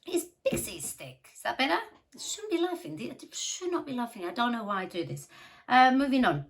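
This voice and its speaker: Chatty woman telling a story with vocal fry. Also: on the high side, big pitch swings, brisk, low-quality recording. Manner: chatty, with giggly asides. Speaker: true crime storyteller. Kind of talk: casual storytelling narration.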